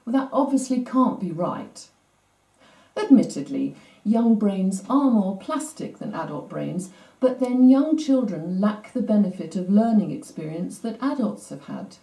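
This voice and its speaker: A middle-aged woman giving a scripted presentation on language training, in a clear, measured, explanatory way. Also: mid-range voice, lively intonation, mellow. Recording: roomy echo, distant mic.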